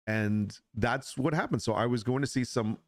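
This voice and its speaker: A man's voice: mid-range voice, normal speed, no room sound, clean studio sound. A middle-aged man hosting a casual solo podcast chat, rambling and frank, often repeating words as he restarts a thought. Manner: frank, opinionated. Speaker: podcast host.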